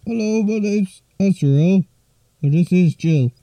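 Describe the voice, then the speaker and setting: A man voicing a chatty male pet angelfish, putting on a northern English accent with slow, deadpan, silly replies. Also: sits high, dry recording, lo-fi sound, voice pushed up. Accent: northern English, put on. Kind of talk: comic pet role-play.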